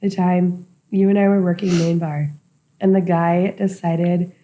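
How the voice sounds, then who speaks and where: A woman's voice: on the low side, level tone, measured pace, mellow, slight background noise. A woman, a bartender, recalling a bar incident in casual chat, chatty with many "like" fillers. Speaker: bartender and podcast co-host.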